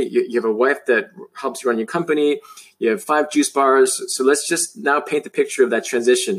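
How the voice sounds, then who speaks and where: A man hosting an interview, asking questions in an encouraging way and often repeating "wow". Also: medium pitch. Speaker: host.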